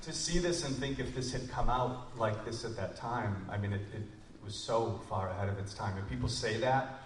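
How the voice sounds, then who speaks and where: A man's voice: lowish voice, normal speed. A man hosting a live screening Q&A, eagerly calling out guests one by one. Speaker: podcast host moderating a screening Q&A. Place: cinema auditorium before a live audience. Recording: distant, echoey and noisy, with a loud crowd.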